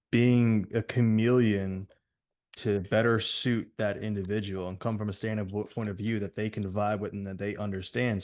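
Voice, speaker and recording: A man hosting a podcast, asking long, easygoing questions and affirming what his guest says. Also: fairly low pitch. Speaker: podcast host. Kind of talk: casual interview.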